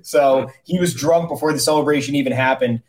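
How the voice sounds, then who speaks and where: A man's voice: mid-range voice, brisk, rough recording. Casual male sports podcast co-host. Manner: loose and joking, with frequent fillers and restarts. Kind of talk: casual chat.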